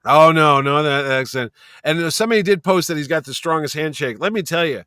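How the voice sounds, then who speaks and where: A man's voice: fairly high pitch, fairly quick, clean tone, no room sound, studio quality. A man telling rambling stories in a casual chat, swearing often and acting out what others said. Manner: animated storyteller, swears freely, acts out quotes. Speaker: convention owner and guest. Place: basement room.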